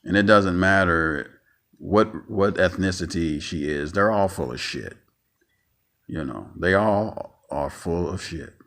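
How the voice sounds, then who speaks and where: A man's voice: low voice, slow pace, fairly bright tone. A man ranting angrily in a vlog monologue, profane and stammering, repeating himself and sounding emotionally tired.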